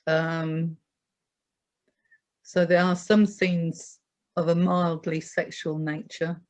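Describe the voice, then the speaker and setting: A woman's voice: lowish voice, level tone, slow. A woman vicar recommending a film in a reflective, hesitant way, full of ums and restarts, and reading scripture aloud.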